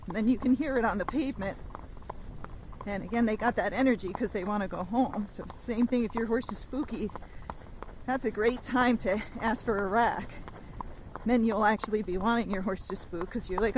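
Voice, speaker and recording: A woman riding along a rainy road, recorded on a phone mic as she goes, talking through each move in a relaxed, chatty teaching voice. She counts the footfalls aloud, one-two-three-four, in an even rhythm. A faint wash of background noise sits under her mid-range voice. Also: medium pitch, a little fast. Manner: counts the gait beats aloud in a steady rhythm; casual and chatty, explaining each step. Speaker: gaited horse trainer. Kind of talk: instructional commentary while riding. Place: outdoors on horseback on a road in the rain.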